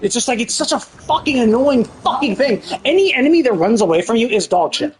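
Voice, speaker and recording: A woman's voice: a little high, lively intonation, a little fast, faint music behind. A woman streamer giving live gameplay commentary, swearing often as she rants about the game in exasperation. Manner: profane, exasperated ranting.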